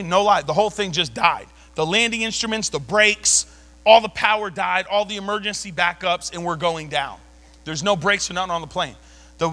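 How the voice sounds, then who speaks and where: A male preacher with a high, piercing, bright voice tells a story from the pulpit in a church. He swings from low murmurs to loud shouts and laughs through much of it. The delivery is fast and animated. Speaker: pastor. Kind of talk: sermon with personal story.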